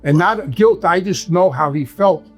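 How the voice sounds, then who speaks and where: Soft music sits under this high-voiced man, who speaks a little slowly in a New York accent. He's a guest sharing his life story in loose, meandering fashion, voicing the dialogue as he goes.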